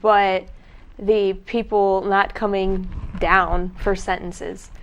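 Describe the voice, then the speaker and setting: Young woman chatting with family, laughs a lot, animated. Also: mid-range voice, takes it slowly, clear, resonant tone, lo-fi sound. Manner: laughs often, animated storytelling. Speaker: daughter sharing pet peeves. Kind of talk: casual family chat.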